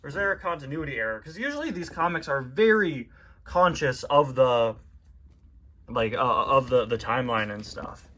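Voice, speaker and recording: Brief: man, comic book-club host, chatty and self-deprecating, bright tone. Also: mid-range voice, lively intonation, moderate pace. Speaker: toy and comic reviewer. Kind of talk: reading comics aloud with casual commentary.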